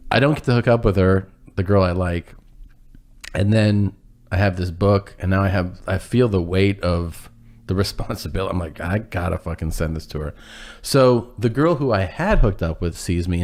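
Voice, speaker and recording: A man's voice: low voice, a little mellow. A man telling a rambling, self-deprecating story in casual chat, acting out what people said and laughing as he goes.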